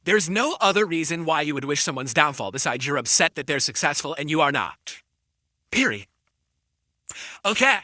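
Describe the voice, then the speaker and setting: Streamer guy ranting at haters, slightly high voice, dry close mic. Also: big pitch swings, moderate pace, long pauses, bright, forceful tone, dry recording. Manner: defensive, insulting rant at critics. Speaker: live streamer. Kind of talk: ranting live stream talk.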